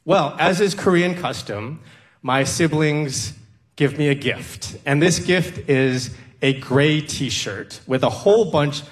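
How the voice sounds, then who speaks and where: A man's voice: a little high, slow pace. A man from the American Midwest telling a personal story on stage in an earnest, reflective way with touches of wry humor.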